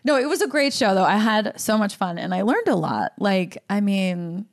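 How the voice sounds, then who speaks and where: A woman's voice: medium pitch, sing-song, moderate pace. A young woman doing a stand-up comedy set on a podcast, telling a story with a lot of laughter and voiced asides.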